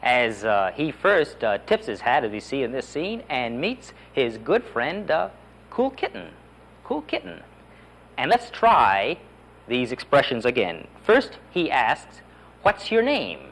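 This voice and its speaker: A man's voice: mid-range voice, very animated, a little slow, a bit bright, a little hiss or hum. A man teaching a beginner Spanish lesson, drilling phrases and urging learners to repeat. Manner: enthusiastic, drills phrases with repeat-after-me prompts. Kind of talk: animated language lesson.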